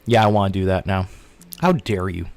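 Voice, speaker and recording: A young man hosting a live stream, chatting and rambling excitably while he snacks. His voice sits low. Faint music plays behind him. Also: brisk. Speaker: livestream host. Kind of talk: casual live-stream chat.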